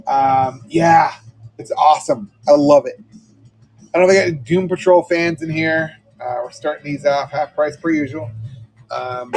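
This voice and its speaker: A man's voice: on the high side, normal speed, a little mellow, a little hiss or hum, low-quality recording. A middle-aged man selling comics on a livestream, chatting casually and telling rambling family stories with lots of fillers. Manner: rambling storytelling with many fillers.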